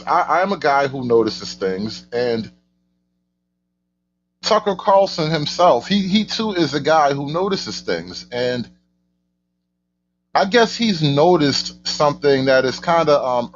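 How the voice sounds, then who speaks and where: A man's voice: mid-range voice, dull audio, a little hiss or hum. A man hosting a casual reaction commentary, stumbling over and repeating his words, with mock outrage and sarcasm. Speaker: host of a political commentary channel.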